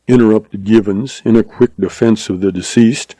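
A man narrating a story with measured, expressive delivery. His voice is mellow and unhurried. The recording is close and dry, with no room sound. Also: lowish voice, dry recording, rough recording.

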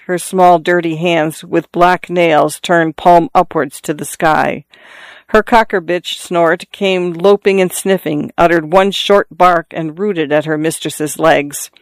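Guy reading a story out loud, kinda high voice, measured and calm. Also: clean tone, dry recording, studio quality. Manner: measured storytelling, lifts pitch for quoted calls. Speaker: audiobook narrator. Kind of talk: scripted narration.

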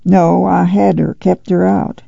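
A man's voice: high voice, flat delivery, gravelly, dark tone, no room sound, full character voice. A man reading a guilt-ridden, sorrowful farm uncle. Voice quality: halting, slow rural dialect. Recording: dull dry lo-fi studio read.

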